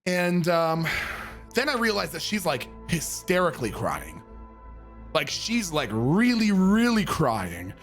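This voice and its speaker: A man casually telling a story as a streamer, animated and profane, sometimes bursting into shouts. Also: fairly high pitch, slow, soft background music.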